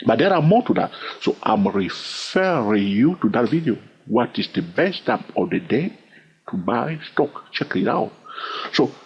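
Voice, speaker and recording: Husky man with an accent teaching trading. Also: medium pitch, a little mellow. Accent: non-native English. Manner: repetitive, checks in with "all right?". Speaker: trading educator. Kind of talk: informal teaching talk. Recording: dull lo-fi recording.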